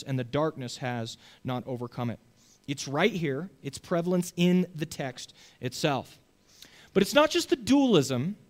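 A man teaching a Bible study class in a lively way, often checking in with his listeners. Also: a little high. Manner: animated, asks the class for agreement.

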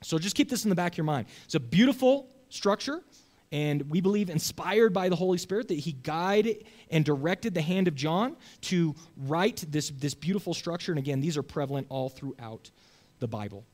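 Guy teaching bible class, kinda high voice, keeps asking "right?" and "okay?". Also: normal speed. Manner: animated, asks the class for agreement. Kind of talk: Bible study lecture.

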